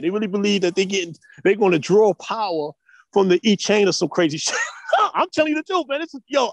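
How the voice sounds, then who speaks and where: This East Coast American man teaches martial arts and chats loosely in an interview, cursing freely and lively throughout. Street slang and "you know what I'm saying" fill his speech, his voice sits high, and the recording has no room sound.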